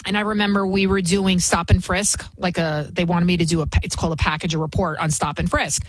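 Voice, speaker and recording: Woman commentator, husky, dry close sound, emphatic and sarcastic, lots of rhetorical questions. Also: fairly low pitch, flat delivery, a little fast, dry recording, poor audio. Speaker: political commentator. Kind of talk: opinionated commentary. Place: New York City.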